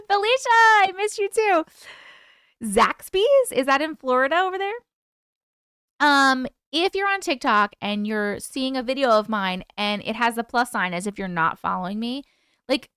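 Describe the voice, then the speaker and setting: A woman hosts a casual live stream from home and chats easily with her viewers, reading their comments aloud and thanking them as she goes. Her voice sits a little high and sounds smooth and clear. The sound is close and dry. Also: fairly bright tone, no room sound. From United Kingdom. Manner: chatty, reads out and answers viewer comments.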